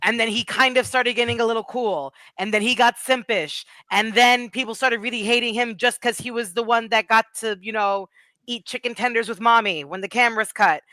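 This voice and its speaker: A woman appears as a guest on a wrestling podcast, gushing in rambling, casual fan talk about her favorite moments. Her voice is a little high and sharp, fairly quick, with no echo.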